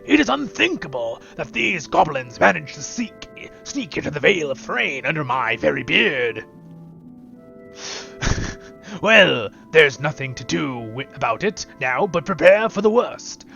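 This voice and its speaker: A man voicing a gruff, bearded male dwarf leader in a grumbly, forced Scottish-style brogue over game music. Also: on the high side, big pitch swings, a little slow, sharp tone, highs cut off, full character voice. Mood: alarmed, commanding. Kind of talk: voicing video game characters.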